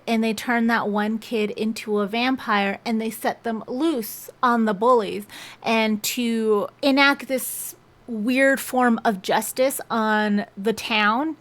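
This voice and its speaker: A woman's voice: a little high, a bit bright. Chatty young woman retelling a plot. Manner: chatty, strings clauses with "and" and "like". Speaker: book reviewer.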